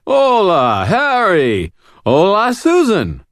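A man's voice: high-pitched, huge pitch swings, slow, a bit bright, no room sound, clean studio sound, voice pushed up, exaggerated voice. A man voicing a drunk, cheerful young man with slurred, sing-song speech. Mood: drunken cheer.

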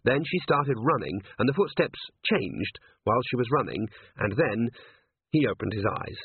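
A man narrating an audiobook in an expressive storytelling manner. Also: mid-range voice, normal speed, husky, no room sound. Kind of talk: scripted narration. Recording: tinny phone-like, dry.

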